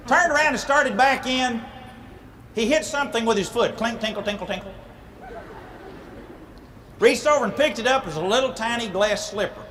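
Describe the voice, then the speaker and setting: Guy telling a funny story live, folksy, makes sound effects, high voice, noisy tape. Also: fairly quick, pushed and bright, long reverb tail. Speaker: comic storyteller. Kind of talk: humorous storytelling to a live audience.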